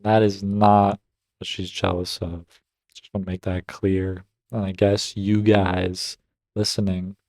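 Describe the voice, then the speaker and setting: A man with a lowish, mellow voice reads a story post aloud, then stops to cheer it on or react in casual asides. The sound is dry and close, with no room around it. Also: dry recording. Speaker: Reddit story reader and gaming commentator. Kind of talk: reading stories aloud with casual commentary.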